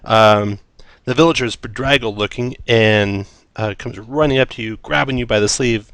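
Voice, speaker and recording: A man's voice: lowish voice, fairly even intonation, moderate pace, fairly bright tone, no echo. A man running a tabletop game as dungeon master, narrating scenes descriptively with occasional fillers.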